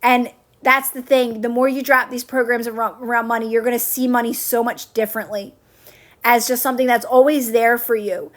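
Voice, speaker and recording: High-pitched lady chatting live to her viewers, repeats herself, real reassuring. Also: steady tone, a little fast. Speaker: manifestation coach on a livestream. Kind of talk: casual live-stream chat answering comments.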